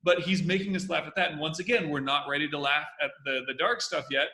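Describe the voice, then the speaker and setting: Bright, energetic male commentary host. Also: on the high side, fast talker, reverberant. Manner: energetic, repeats phrases. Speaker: host analyzing comedy. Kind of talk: casual video commentary.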